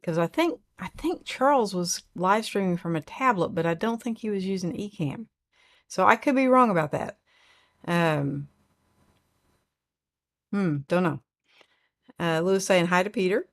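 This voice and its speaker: A woman's voice: on the low side, animated, unhurried, long pauses. An older woman with an Oklahoma twang hosting a casual livestream, chatting and reading viewer comments aloud in a rambling way. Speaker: livestream host.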